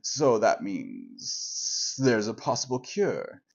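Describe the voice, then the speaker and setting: A man voicing a stern, pompous older starship captain with a low, slow, measured delivery in a comedic play. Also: huge pitch swings, creaky, dull audio, heavily acted. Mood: solemn.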